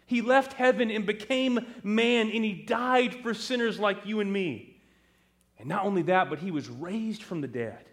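A man's voice: a little high, lively intonation, fairly quick, creaky, hardly any pauses. A man voicing a young Roman son newly turned Christian, speaking eagerly to his parents. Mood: fervent. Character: young male Roman convert, eager and fervent.

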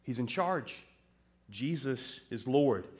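A man's voice: medium pitch, lively intonation, slow, darkish tone. A man voicing a young Roman son newly turned Christian, speaking eagerly to his parents. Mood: fervent. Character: young male Roman convert, eager and fervent.

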